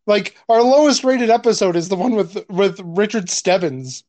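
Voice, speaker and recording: A man's voice: high-pitched, expressive, normal speed, dark tone, dry recording. A man co-hosting a podcast in casual chat, blunt and profane, laughing often. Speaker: podcast co-host.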